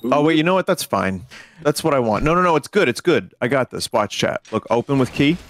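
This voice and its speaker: Excitable male streamer, lively voice. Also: mid-range voice, a little fast, dry recording, studio quality. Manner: excitable, addresses his chat. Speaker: streamer talking to his chat. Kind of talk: casual gaming chat.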